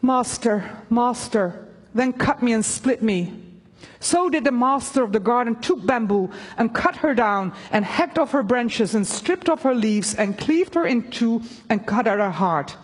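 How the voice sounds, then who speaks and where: A woman preaching a sermon and reading a story aloud, earnest and halting, with fillers. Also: a little high, lively intonation, slightly rough, big-room sound.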